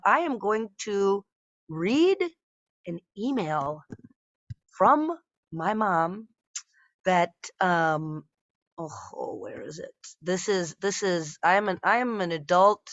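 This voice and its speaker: Female stand-up comic, 30s, rambling and self-mocking, mid-pitched, dry, muffled recording. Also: no room sound. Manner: chatty, self-deprecating, with frequent fillers and restarts. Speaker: stand-up comedian. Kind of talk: stand-up storytelling set.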